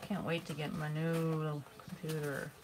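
A middle-aged woman talks viewers through a craft project in a relaxed, chatty way, yawning now and then. Her voice sits on the low side, and a steady noise runs under the recording. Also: moderate pace. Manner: chatty and relaxed, with frequent yawns. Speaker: crafting livestream host. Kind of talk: casual livestream craft demo, chatting with viewers.

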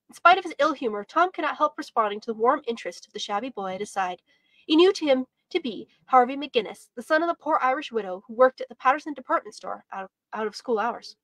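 A woman teacher reads a storybook aloud with an expressive, measured delivery. Her voice sits fairly high. The recording is close and dry. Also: no echo. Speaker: homeschool teacher.

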